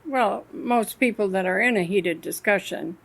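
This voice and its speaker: On a casual Christian radio talk about marriage, a woman co-host who teaches a Christian marriage class chats and shares stories from her own marriage. Her voice is medium-pitched and gravelly, at a moderate pace.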